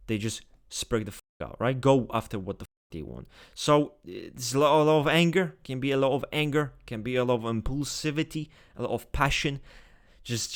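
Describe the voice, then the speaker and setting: A man hosting a casual tier-list video, talking straight to his viewers in a blunt, excitable, swear-heavy way. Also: mid-range voice. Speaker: typology video host.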